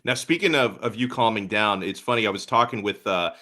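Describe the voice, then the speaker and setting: A man's voice: lowish voice, brisk, pushed and bright. A man hosting a sports talk show, chatting in an easygoing way and laughing along.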